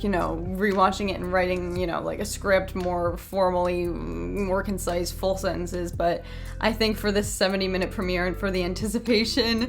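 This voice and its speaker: Woman, tired late-night voice, chatty unscripted review, gushing, mid-pitched. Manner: chatty and gushing, with many filler "like"s. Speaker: TV episode reviewer.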